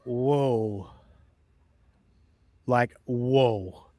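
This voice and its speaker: A man's voice: medium pitch, very slow, mellow, dry recording. A man hosting a podcast, casually reacting to clips, chatty, swearing and incredulous. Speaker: podcast host.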